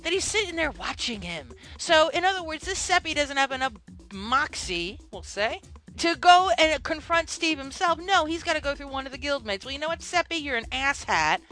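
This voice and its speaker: A woman with a bright, clear voice hosts a casual gaming podcast. Her pitch swings widely as she mocks trolls and laughs along. Faint music plays behind her. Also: normal speed. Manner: animated, laughs often, mocking. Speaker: podcast host.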